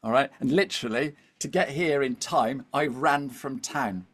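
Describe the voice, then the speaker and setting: In a storytelling conversation on a podcast, a middle-aged male guest speaks with a mid-range voice at normal speed. His delivery is animated, and he frequently checks in with "okay?" and "all right?"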